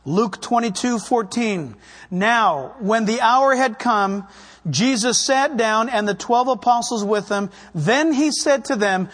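A man preaching a sermon in a church, emphatic and impassioned, swinging between quiet asides and loud bursts. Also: extremely high pitch, lively intonation, a little slow.

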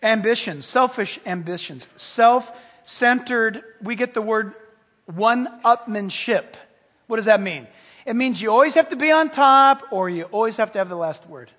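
A man preaching a sermon, animated and playful, acting out little scenes and dropping into whispers for effect. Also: high-pitched, unhurried. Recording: hall reverb, from a distance.

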